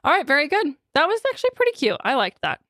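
A woman's voice: sits high, huge pitch swings, rapid-fire, fairly bright tone, no echo, studio quality. A young woman co-hosting a podcast in casual chat, playful and giggly. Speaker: podcast co-host.

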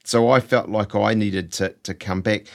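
A man's voice: fairly low pitch, fairly even intonation, moderate pace, creaky. A man with a West Auckland accent hosting a casual interview, chatty, with stammering restarts. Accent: New Zealand, West Auckland. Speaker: podcast host.

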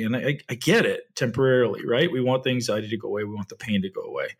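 Earnest low-voiced man, husky tone. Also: racing, hardly any pauses. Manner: earnest, rhetorical questions, frequent self-corrections. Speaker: podcast host. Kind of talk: reflective solo podcast talk.

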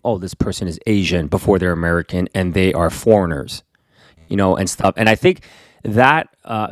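Middle-aged man, lowish voice, dry close recording, reflective and encouraging co-host. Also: dry recording. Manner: affirming listener, reflective and encouraging. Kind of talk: casual conversation.

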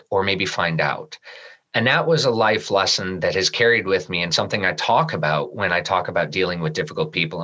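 A man with a somewhat low pitch and a bright, forceful tone tells a personal story in a podcast interview. He acts out his own remarks with animation, and his delivery is sincere and reflective. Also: rough recording. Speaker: guest.

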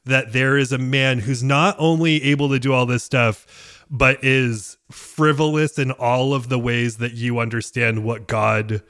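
A man's voice: medium pitch, steady tone, a little slow, fairly bright tone, clean tone, no echo, studio quality. A man co-hosting a casual film discussion, rambling with restarts and many fillers. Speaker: podcast co-host.

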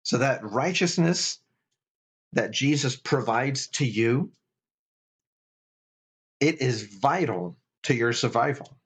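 A man's voice: mid-range voice, animated, slow, long pauses, husky. A middle-aged man, a chaplain, giving an earnest, casual faith talk, thinking aloud with restarts.

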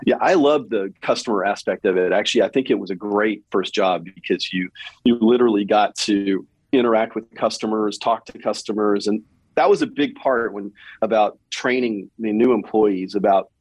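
A man in his fifties with a faint Kentucky Southern accent and a low, husky voice. He speaks as a guest in a casual interview, stumbling into restarts and repeated words as he goes. The sound is dry and close, with no room around it. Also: normal speed, no room sound, poor audio. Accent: slight Southern (Kentucky).

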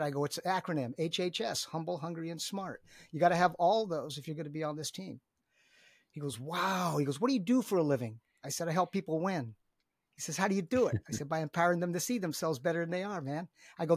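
Husky, excited middle-aged man. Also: a little high, dry recording, studio quality. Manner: enthusiastic, emphatic, repeats words. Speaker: guest, business coach. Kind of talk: energetic podcast conversation.

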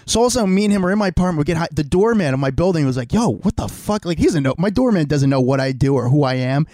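A man's voice: on the high side, rapid-fire, no echo, clean studio sound. A man, a podcast co-host telling a long story at home in casual chat, acting out the voices and swearing freely. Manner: animated, swears freely, acts out quoted voices.

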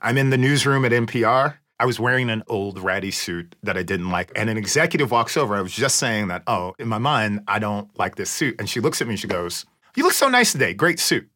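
A man's voice: on the low side, a little fast, few pauses. A man who is a podcast host and reporter, speaking as an interview guest and telling stories with expression. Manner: expressive, acts out quoted voices. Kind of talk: animated storytelling in conversation.

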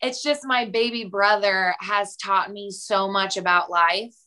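A young woman guest on a podcast, talking earnestly and warmly in a casual conversation, laughing often and acting out little scenes. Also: medium pitch, measured pace, clear, resonant tone. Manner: warm, earnest, laughs often, animated retelling.

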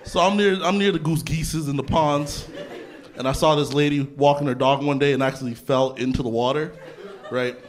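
A young adult man from Canada doing a stand-up comedy set in a theatre, talking conversationally with deadpan punchlines and casual asides. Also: a little high, moderate pace. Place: theatre stage before a laughing audience. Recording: live theatre set with crowd laughter. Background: audience laughter.

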